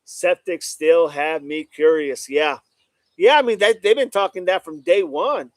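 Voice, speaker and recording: A man's voice: a little high, no room sound. A man hosting a casual live stream, reading out viewer comments and greeting chatters by name, often saying "no doubt about it.". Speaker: livestream host reading chat. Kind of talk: casual livestream chat.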